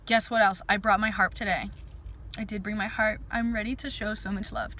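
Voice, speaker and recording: A woman's voice: mid-range voice, flat delivery, normal speed, background noise. A woman chatting casually on a livestream, giggly and rambling, with lots of "like" fillers. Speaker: livestream host.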